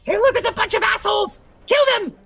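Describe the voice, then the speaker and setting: Squeaky braggy kobold. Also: male voice, fast talker, gravelly, bright, forceful tone, shouting, heavily acted. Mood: shouting. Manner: shrill, whiny, braggy yelping. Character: squeaky cowardly boastful male kobold warrior.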